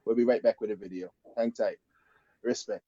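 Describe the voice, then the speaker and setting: A man's voice: fairly low pitch, steady tone, brisk, mellow, slightly rough, dull audio. A male host of a live stream, upbeat and announcer-like, throwing to a video and asking viewers to share. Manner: upbeat, announcer-like, brief interjections.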